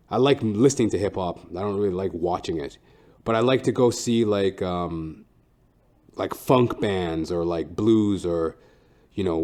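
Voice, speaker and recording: A man's voice: on the low side, warm tone. A young man hosting a comedy podcast, rambling casually and swearing loosely. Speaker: podcast host.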